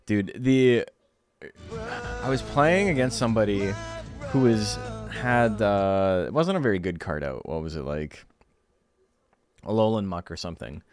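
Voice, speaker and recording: A man's voice: on the low side, expressive, measured pace, long pauses, faint music behind. A young man streaming a game, ranting sarcastically in casual chat, swearing and laughing often.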